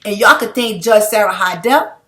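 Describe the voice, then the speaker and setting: Reading out viewer comments on her livestream, an outspoken woman speaks at normal speed in a mid-range, slightly bright voice. Her commentary is casual and emphatic, broken up with laughter.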